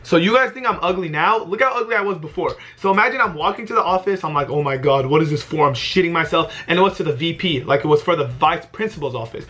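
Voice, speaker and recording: A young man telling a casual storytime vlog, animated and exasperated, with frequent swearing. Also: high voice, quick pace, hardly any pauses. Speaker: vlogger.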